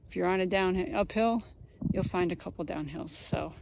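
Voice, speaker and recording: A woman's voice: fairly low pitch, normal speed, vocal fry, darkish tone, slight background noise, low-quality recording. A woman vlogging outdoors on a mountain trail, chatty and upbeat as she tells how the hike is going. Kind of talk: casual outdoor vlog.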